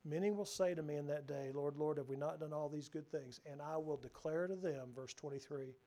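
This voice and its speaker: Earnest male preacher with a mellow voice. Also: fairly high pitch, brisk, few pauses. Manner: earnest, rising and dropping to near whisper. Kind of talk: sermon.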